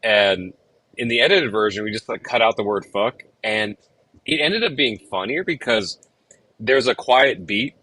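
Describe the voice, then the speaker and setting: A man's voice: lowish voice, moderate pace, sharp tone, no room sound, rough recording. A man chatting casually about writing a song, rambling with many fillers and restarts. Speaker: songwriter and show host. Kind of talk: casual chat about songwriting.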